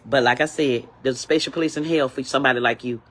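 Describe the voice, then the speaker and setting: A woman's voice: very deep voice, steady tone, quick pace, a bit bright. Indignant older woman ranting. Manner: indignant, repetitive, preachy. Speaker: vlogger. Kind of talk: angry complaint rant.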